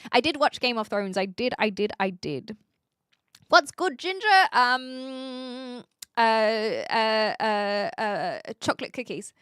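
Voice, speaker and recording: A woman's voice: on the high side, expressive, slow, fairly bright tone, clean tone, no room sound, studio quality. A woman, chatting casually on a livestream and reading chat aloud, with frequent ums and restarts. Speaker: streamer.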